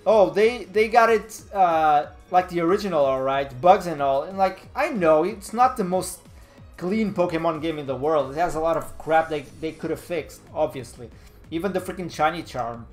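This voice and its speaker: A man's voice: on the high side, expressive, moderate pace, soft background music. A young man chatting casually on a live stream, rambling and laid-back, still a little nasal from a cold. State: slightly nasal from a fading cold.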